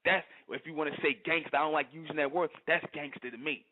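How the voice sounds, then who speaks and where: A man's voice: a little high, steady tone, quick pace. A man, preaching fiercely to his listeners and asking "you understand?" again and again. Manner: fiery, repeats "you understand?". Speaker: channel host. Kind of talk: preaching monologue. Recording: tinny phone-like audio.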